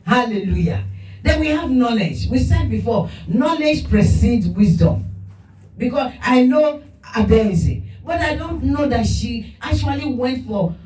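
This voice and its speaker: A woman preaching a sermon, lively and laughing between points, putting on quoted voices. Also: on the high side, a little slow. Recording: echoey room from far off with music.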